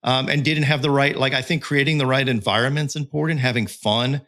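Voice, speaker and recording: A man's voice: medium pitch, fairly even intonation, brisk, a bit bright. A middle-aged man talking candidly and emphatically as a podcast guest, with fillers and restarts. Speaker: guest, content creator and pitching analyst. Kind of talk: casual podcast conversation.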